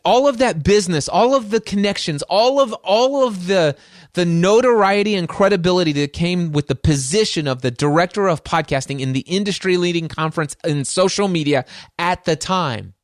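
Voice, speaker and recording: A middle-aged man hosts his own podcast as a lively storyteller, stacking repeated words to drive points home. His voice sits a little high for a man. The recording is dry, with no room sound. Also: normal speed, no echo. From Northern Kentucky, USA. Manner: animated, piles up repeated words for emphasis. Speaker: podcast host and coach. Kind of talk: storytelling monologue.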